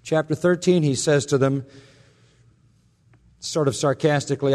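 A man's voice: fairly high pitch, moderate pace, long pauses, darkish tone, long reverb tail. A man preaching an expository sermon, emphatic and sarcastic, building in intensity as he drives his points home. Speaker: pastor.

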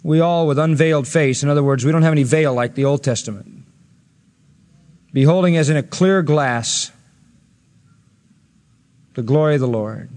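Earnest high-voiced male preacher. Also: moderate pace, pauses often, darkish tone, in a large hall. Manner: earnest, rising to emphatic peaks when quoting scripture. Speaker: pastor. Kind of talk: expository sermon.

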